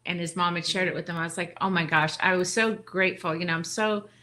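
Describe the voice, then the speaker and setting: Speaking quickly in a lowish, pushed, bright voice with fairly even intonation, a ministry leader tells a moving personal story on a podcast. Full of emotion and gratitude, she wanders and often starts over.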